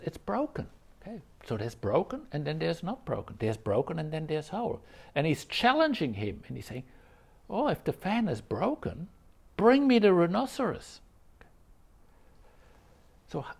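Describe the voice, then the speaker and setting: A man teaching as a Zen teacher, explaining a koan in a conversational, animated way and acting out the quotes. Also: fairly high pitch, vocal fry, slightly rough. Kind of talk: dharma talk on a koan.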